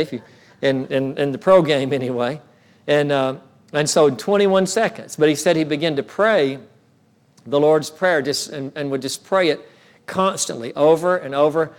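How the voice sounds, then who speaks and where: A male pastor telling a story in a sermon, with frequent restarts that build in intensity. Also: fairly high pitch. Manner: storytelling, many restarts, rises in intensity when recounting.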